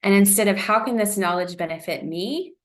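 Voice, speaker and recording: A woman presenting a wellness lesson in a gentle, encouraging way, with frequent "um"s. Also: medium pitch, animated, a little fast. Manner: gentle, encouraging, uses fillers like um.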